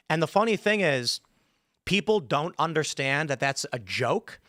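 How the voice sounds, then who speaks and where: A man from Chicago, co-hosting a casual studio talk show, telling animated stories and acting out other people's voices. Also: a little high, normal speed, no room sound. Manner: animated storyteller, acts out voices. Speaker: podcast co-host. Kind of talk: casual panel chat.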